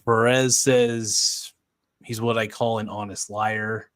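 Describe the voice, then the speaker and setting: A man's voice: on the low side, flat delivery, slow, fairly bright tone, dry recording. A man hosting a casual livestream, reading viewer comments aloud and laughing often. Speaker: livestream host.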